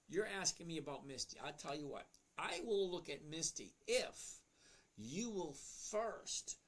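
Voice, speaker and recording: A man's voice: a little high, a bit bright, slightly rough. A man in his sixties hosting a casual livestream, reading viewer questions and answering them bluntly and chattily. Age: 60s. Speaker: host.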